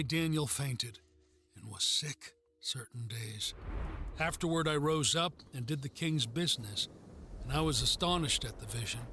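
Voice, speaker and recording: A man giving a solemn, measured reading of scripture. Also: fairly high pitch, a bit bright. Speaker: scripture reader.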